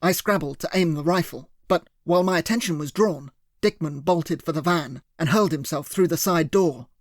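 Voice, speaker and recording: Man, thriller audiobook narrator, voice a bit high, steady and clear, dry booth. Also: moderate pace, no room sound. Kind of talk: first-person thriller narration.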